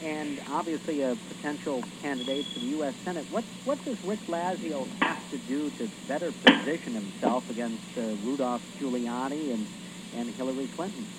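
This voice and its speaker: A man, a radio station reporter, slowly and hesitantly putting questions to a lawmaker. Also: mid-range voice. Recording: loud hiss on the line.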